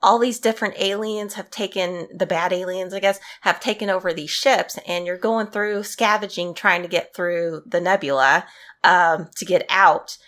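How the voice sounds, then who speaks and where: A woman's voice: on the low side, fairly even intonation, normal speed, a bit bright. A woman chatting casually on a podcast as a guest streamer, rambling with many fillers and giggling.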